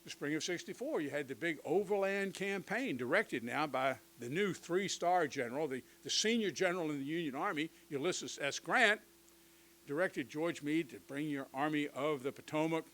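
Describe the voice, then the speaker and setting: An older man giving a conversational history lecture to teachers, with lively asides and touches of humor. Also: a little high, moderate pace, poor audio. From United States.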